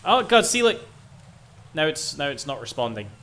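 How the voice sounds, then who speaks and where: A man's voice: on the high side, very animated, moderate pace, sharp tone. A man with a Scottish accent chatting casually as he streams a video game, swearing freely and grumbling about crashes. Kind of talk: casual gameplay commentary. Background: game music.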